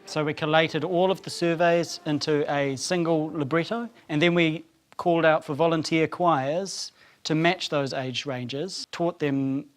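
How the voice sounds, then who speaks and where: A man, a theatre maker calmly explaining a project in an interview. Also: fairly high pitch, a little slow, soft background music. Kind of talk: interview talk.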